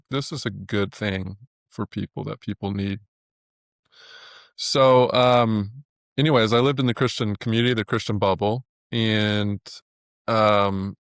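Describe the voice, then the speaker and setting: A man's voice: fairly low pitch, gravelly, dry recording, studio quality. A man speaking as an interview guest, telling his story earnestly with many restarts and repeated words. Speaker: guest, animator. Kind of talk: reflective interview talk.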